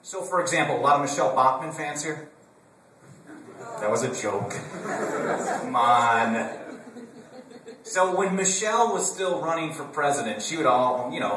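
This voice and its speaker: A man's voice: medium pitch, slight background noise. Joking man speaking in an echoey hall. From Wisconsin. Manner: conversational, joking asides, relaxed storytelling. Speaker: conference speaker. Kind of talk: humorous political speech to a live audience. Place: conference room with an audience. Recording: roomy hall from a distance.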